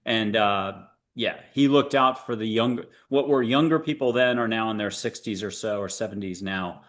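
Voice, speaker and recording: A man's voice: on the low side, normal speed, fairly bright tone. A man in his fifties hosting a spiritual interview podcast, talking casually and rambling with many fillers and restarts. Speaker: podcast host.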